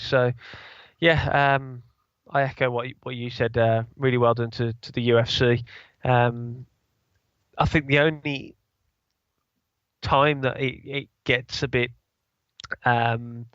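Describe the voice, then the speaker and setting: A man co-hosting a podcast in a flat, steady tone, full of fillers and restarts as he talks. The sound is dry, with no room around it, and slightly dull. He keeps to the middle of his range throughout. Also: medium pitch, no echo. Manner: halting, many fillers and restarts. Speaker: co-host. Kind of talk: casual podcast chat.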